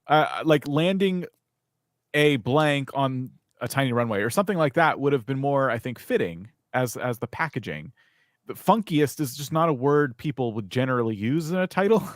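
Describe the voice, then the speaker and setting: A man's voice: medium pitch, no echo, studio quality. A man co-hosting a live YouTube channel review, chatty and candidly critical. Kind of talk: live stream review chat.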